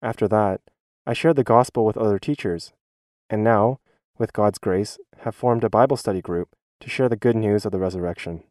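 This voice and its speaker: Earnest male voice-over, low and mellow, dry close sound, reading a teacher's church testimony. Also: moderate pace, no echo. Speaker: schoolteacher giving a church testimony.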